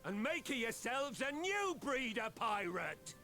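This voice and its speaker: An actor playing an older, gruff pirate captain who talks in old-fashioned pirate speech and gives stern, rousing speeches. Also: male voice, very high-pitched, very animated, unhurried, pushed and bright, full character voice. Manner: scolding, rousing oratory. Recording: game audio under music.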